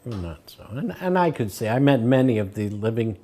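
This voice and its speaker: An older man sharing remembered anecdotes, his voice mellow and dark. He slips into quoted voices and lets a chuckle through as he goes. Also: medium pitch, sing-song, a little fast. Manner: acts out quoted voices, chuckles between stories. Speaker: devotee recalling memories. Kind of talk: anecdotal storytelling.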